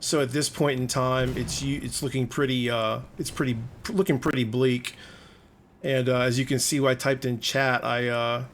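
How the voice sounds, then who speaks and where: A gaming video host with a middle-pitched voice talks through a recorded match in a conversational way, explaining the play as it happens. He speaks at a normal speed in a level tone and is frank about his own frustration. A faint hum of ambient noise sits under his voice.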